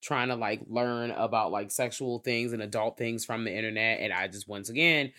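Co-host with mid-pitched voice, opinionated, slangy movie talk. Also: normal speed, bright, forceful tone. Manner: blunt, opinionated commentary with slang. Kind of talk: casual movie recap chat.

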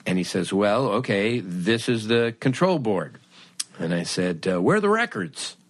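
A man's voice: lowish voice, big pitch swings, measured pace, no room sound. A middle-aged man hosting a podcast, telling a wry story about himself and acting out both sides of the conversation. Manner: wry, self-mocking. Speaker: podcast host. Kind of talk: storytelling monologue.

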